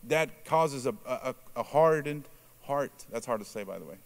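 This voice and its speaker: A man whose first language is Spanish preaches a conversational sermon, quizzing the congregation and tacking "right?" onto his points. He acts out quoted reactions in a lowered voice, speaking at normal speed with lively intonation.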